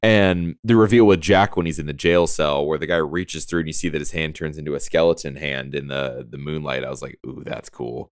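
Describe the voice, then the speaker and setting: Deep-voiced man chatting excitedly about movies. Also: a little fast, hardly any pauses, smooth, dry recording, clean studio sound. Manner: enthusiastic, laughs often, acts out quotes. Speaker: podcast co-host. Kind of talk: casual movie discussion.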